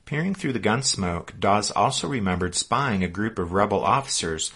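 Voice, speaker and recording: A man reading scripted historical narration in a measured storytelling manner. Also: on the low side, lively intonation, a bit bright, breathy edge.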